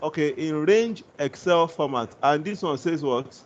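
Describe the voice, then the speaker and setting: A man's voice: a little high, expressive, measured pace, dull audio, a little hiss or hum. A man teaching a live online class, patient and reassuring, often repeating himself. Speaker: instructor. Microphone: video call.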